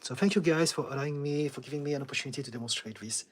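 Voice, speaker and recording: Calm, husky-voiced male therapist. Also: on the high side, racing. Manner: calm, steady and reassuring, with frequent light laughs. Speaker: therapist hosting a live Q&A. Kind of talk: live-stream Q&A, reading chat comments.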